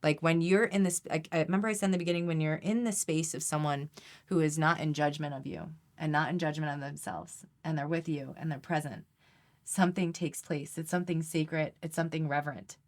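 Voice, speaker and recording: A woman's voice: low voice, steady tone, brisk. A woman energy healer as a podcast guest, explaining in an earnest, teaching way with frequent restarts. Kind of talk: podcast interview.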